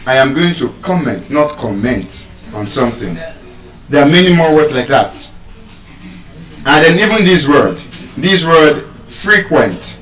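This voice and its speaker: Animated man lecturing in an echoey hall. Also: a little high. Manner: spells words out letter by letter, quizzes the audience, teasing. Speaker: speaker teaching English pronunciation. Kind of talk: live lecture to an audience. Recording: echoey hall, mic at a distance.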